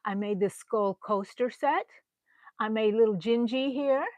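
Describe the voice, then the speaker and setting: A woman's voice: on the high side, unhurried, a little mellow, no room sound. A middle-aged woman chatting casually on a live stream as she tours her small craft room at home, rambling from one item to the next. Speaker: crochet vlogger.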